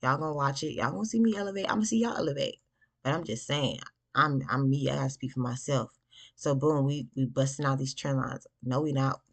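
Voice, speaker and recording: Excitable young woman teaching chart reading. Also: rumbling low, a little fast. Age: young adult. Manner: chatty, slangy, bursts of excitement. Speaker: forex trader teaching backtesting. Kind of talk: casual screen-share trading lesson.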